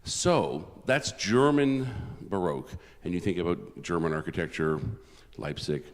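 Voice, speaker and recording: With a low, lilting voice and a slightly unhurried pace, a male organist from Canada introduces himself in a chatty, self-deprecating manner, frequently restarting. The recording carries the lengthy echo of a big church.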